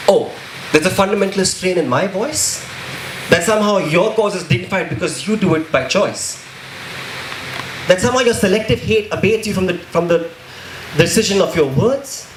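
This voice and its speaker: Intense high-voiced man performing spoken word. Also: expressive, normal speed, pauses often, noisy background. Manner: intense, rhythmic, rhyming delivery with emphatic stresses. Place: live poetry event. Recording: echoey room with faint ambience.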